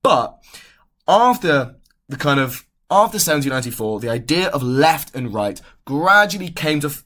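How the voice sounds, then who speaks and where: A young man hosting an educational podcast, explaining history in a relaxed way, often correcting himself mid-sentence. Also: on the high side, normal speed. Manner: casual, self-correcting, restarts sentences. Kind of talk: explainer talk.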